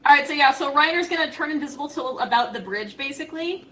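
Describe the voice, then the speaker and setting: High, bright-voiced woman player. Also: animated, quick pace, slight background noise, rough recording. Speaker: tabletop game player. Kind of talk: casual game chat.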